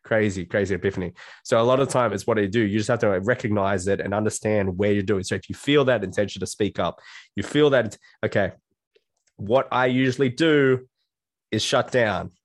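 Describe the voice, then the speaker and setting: A man's voice: on the low side, brisk, dry recording, clean studio sound. A man speaking as a guest life coach in a casual podcast conversation, blunt and swearing freely, acting out his own self-talk in quotes.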